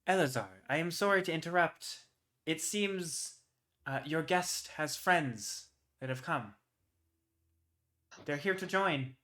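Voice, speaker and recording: A man's voice: on the high side, slow, long pauses, bright, forceful tone, pitched above the performer's own voice. A man voicing a polite, composed woman attendant in a tabletop fantasy game, speaking in formal, courteous phrasing. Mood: apologetic.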